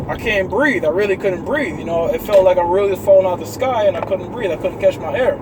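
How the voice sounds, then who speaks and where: Man with a high voice, rambling spoken testimony, outdoors, loud traffic and water noise behind. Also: quick pace. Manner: rambling storytelling, addresses listeners as brothers. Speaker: member sharing religious testimonies. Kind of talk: casual spoken testimony to a live audience.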